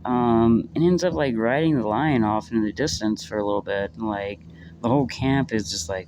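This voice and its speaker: A man's voice: medium pitch, lively intonation, normal speed, lo-fi sound, noisy background. A man giving a casual spoken book review, rambling with lots of fillers, swearing freely and getting worked up.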